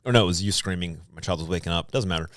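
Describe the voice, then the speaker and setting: A man's voice: low-pitched, very fast, noisy background. A man in his thirties co-hosting a podcast, telling jokey stories in casual chat. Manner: animated storyteller, jokey. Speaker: podcast co-host and board operator.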